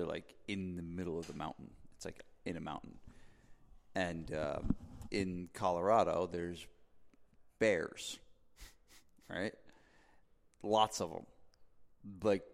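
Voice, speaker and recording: A man's voice: low-pitched, vocal fry, long reverb tail. A man from New Jersey, a podcast host, telling a casual story full of fillers and asides. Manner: rambling, filler-heavy, animated when making a point.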